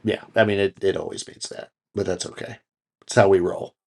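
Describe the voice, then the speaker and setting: A man's voice: deep voice, steady tone, a little fast, gravelly, warm tone. A man co-hosting a casual podcast, joking around and swearing casually as he wraps up the episode. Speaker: podcast co-host. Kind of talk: casual chat.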